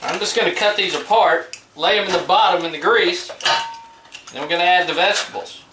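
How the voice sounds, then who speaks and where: A high-pitched man talking a little fast chats with viewers while he works the grill in his backyard. He's a middle-aged home cook vlogger from the Gulf Coast, laid-back and conversational in this casual cooking vlog. Sound comes from a distance in a roomy space, with slight background noise.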